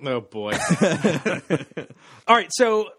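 Podcast host, male: animated and exasperated casual chat, somewhat high pitch, dry recording. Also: drawn-out words, slightly rough, no echo.

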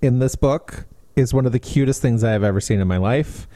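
A man's voice: mid-range voice, fairly quick, no room sound, clean studio sound. A man co-hosting a book podcast, chatting casually and with lots of energy, full of fillers and restarts. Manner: animated, many fillers and restarts. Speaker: podcast co-host.

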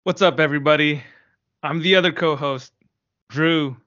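A man's voice: fairly high pitch, moderate pace, bright, forceful tone, highs cut off. A man co-hosting a podcast in a casual chat, with dry, teasing remarks. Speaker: podcast co-host.

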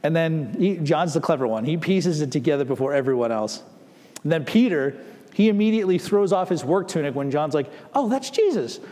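A man's voice: on the high side, expressive, fairly quick, warm tone, big-room sound. A man preaching a sermon as a pastor, speaking conversationally and acting out the people in the story. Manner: conversational, acting out quoted voices.

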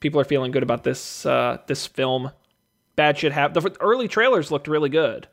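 A man's voice: fairly high pitch, fairly quick, vocal fry, a bit bright. A man hosting a casual show, reading out movie blurbs and calling bids like a jokey auctioneer. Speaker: host running a movie draft auction. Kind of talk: casual podcast chat.

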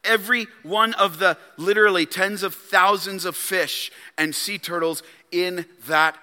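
Emphatic high-voiced preacher in a reverberant hall. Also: male voice, steady tone, a little slow. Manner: emphatic preaching, swinging from loud declarations to hushed low asides. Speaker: pastor. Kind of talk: sermon. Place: church sanctuary.

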